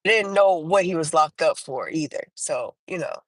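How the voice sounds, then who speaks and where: A woman's voice: lively intonation, no echo, poor audio. A woman hosting a livestream, telling a personal testimony in casual talk. She halts often, restarts her sentences, and lifts her voice when she quotes herself. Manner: halting, with many restarts and fillers; acts out her own quoted words with a higher voice. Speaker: livestream host.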